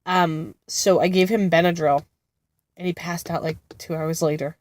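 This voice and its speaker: A congested, sick-sounding woman in her thirties chats in a rambling, laughing way, voice pitched on the low side. The sound is dry and close, with no room around it. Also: fairly even intonation, normal speed, darkish tone, dry recording. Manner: rambling, laughing, many fillers. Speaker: vlogger, mother of two. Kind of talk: casual chat. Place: sitting in a car-like space outside a therapy center.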